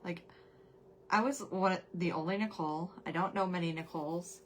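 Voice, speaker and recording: A woman's voice: lowish voice, moderate pace, slight background noise. Rambling, chatty middle-aged female host of a craft stream; greets viewers by name. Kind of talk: casual livestream chat with viewers.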